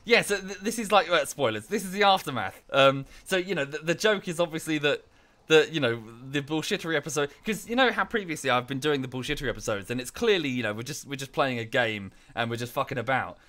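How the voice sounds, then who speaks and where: A man's voice: a little high, animated, quick pace, pushed and bright. A man streaming live, chatting casually in a rambling way with many fillers and restarts, thanking viewers in chat as he goes.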